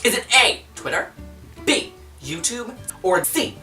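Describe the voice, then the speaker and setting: A woman hosting a casual chat show, talking in an animated, dramatic way with gasps and outbursts. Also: mid-range voice, measured pace. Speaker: host. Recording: roomy echo, distant mic, faint music.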